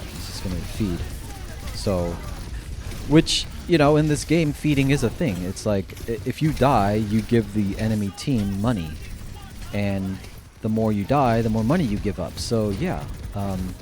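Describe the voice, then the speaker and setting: A man's voice: on the low side, normal speed, darkish tone, slight background noise. A man giving casual commentary on his own game, rambling with lots of fillers and swearing freely. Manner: rambling, many fillers, slides into profane ranting. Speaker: gaming YouTuber. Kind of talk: casual gameplay commentary to camera.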